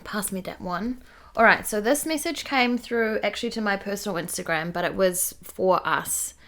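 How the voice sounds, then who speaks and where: A woman's voice: mid-range voice, normal speed. A young woman with a New Zealand accent, co-hosting a casual chat podcast and reading listener questions aloud. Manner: relaxed, chatty, reads listener questions aloud. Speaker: podcast co-host.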